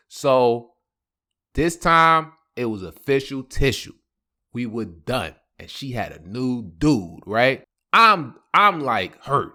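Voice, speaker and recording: A man's voice: mid-range voice, slow pace. A man hosting a podcast. He tells a story casually, using a lot of slang and fillers and acting out quotes in different voices. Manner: animated, acts out quotes in voices; relaxed slang with many fillers. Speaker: podcast host.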